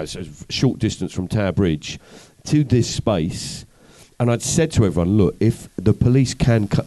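A man being interviewed, telling long wry anecdotes about his comedy and activism in a relaxed, self-deprecating way. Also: lowish voice, low-quality recording. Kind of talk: conversational storytelling interview.

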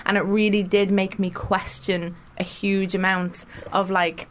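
A woman's voice: medium pitch, little pitch movement, a little slow. A woman chatting as a guest on a radio show, playful and enthusiastic. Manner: enthusiastic, playful, murmured agreement. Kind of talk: casual chat.

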